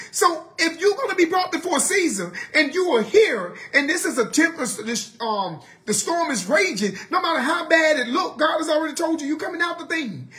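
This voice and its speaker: A man leading an evening Bible study in a sermon style, asking the listeners rhetorical questions and swinging between loud urging and quiet asides. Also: very high voice.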